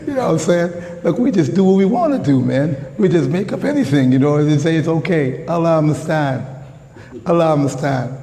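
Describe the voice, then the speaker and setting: An American man giving a lively, slangy sermon in a mosque, jumping from calm talk to shouts. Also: a little high, a little fast, few pauses, in a large hall, low-quality recording. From United States. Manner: animated, slangy street talk, rises to shouts. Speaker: guest preacher. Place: mosque prayer hall.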